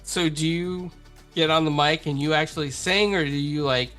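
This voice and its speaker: A male podcast host asking questions in a relaxed, rambling way. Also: a little high, normal speed, faint music behind. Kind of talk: casual interview chat.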